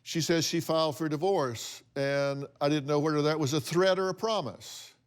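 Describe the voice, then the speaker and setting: A man's voice: fairly high pitch, steady tone, normal speed, clean tone. A man hosting a talk show, counseling a guest in a blunt, emphatic, lecturing way. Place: TV studio with audience.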